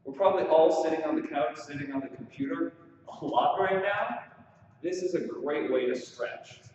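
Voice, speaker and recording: A man's voice: fairly high pitch, moderate pace, a little mellow, a little hiss or hum. A man teaching waltz exercises, counting beats aloud as he dances and encouraging the viewers. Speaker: dance instructor. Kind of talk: follow-along dance drill instruction. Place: studio with large windows. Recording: echoey room, far from the mic, dull sound.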